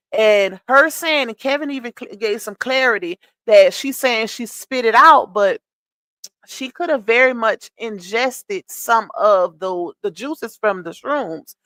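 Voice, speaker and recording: A woman's voice: fairly high pitch, a bit bright, no echo. A woman giving casual commentary on a clip, firing rhetorical questions at her viewers in an emphatic way. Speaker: commentary streamer.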